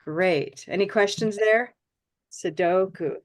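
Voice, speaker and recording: A woman leads an online pronunciation class, speaking through a video call mic. She praises her students warmly and stretches out vowel sounds so they can copy them. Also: mid-range voice. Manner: encouraging, models vowel sounds slowly. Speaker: pronunciation teacher.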